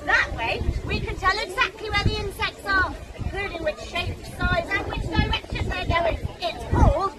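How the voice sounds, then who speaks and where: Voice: very high voice, normal speed, hardly any pauses, a loud crowd, heavy background noise. A performer playing a friendly, know-it-all bat in a live children's show, patiently explaining how it hunts bugs.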